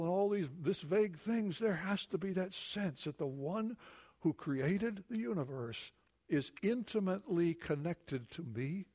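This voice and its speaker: A man with a fairly high voice preaches a sermon in church. He puts questions to his listeners and often sinks to a soft, close emphasis to drive a point home. His voice carries above the usual pitch for a man. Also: expressive, unhurried. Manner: questions to the congregation, drops to soft intimate emphasis. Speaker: pastor.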